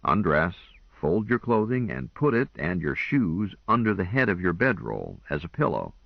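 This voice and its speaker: A man's voice: low-pitched, big pitch swings, normal speed, vocal fry, breathy edge, no echo, full character voice. A man voicing a proud, earnest young woman who speaks in a matter-of-fact way, in a dull lo-fi recording.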